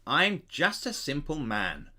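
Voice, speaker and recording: A man's voice: fairly high pitch, huge pitch swings, takes it slowly, bright, forceful tone, pitched above the performer's own voice, exaggerated voice. A man voicing a timid little hooded man who carves bones, sad and fearful at first and proud later.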